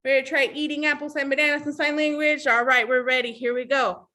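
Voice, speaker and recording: Bright high-voiced woman leading kids' storytime. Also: flat delivery, quick pace. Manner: cheerful, coaxing, talks to young kids and praises them. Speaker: children's storytime librarian. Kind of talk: online children's storytime with sign language and song. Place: library storytime on video call.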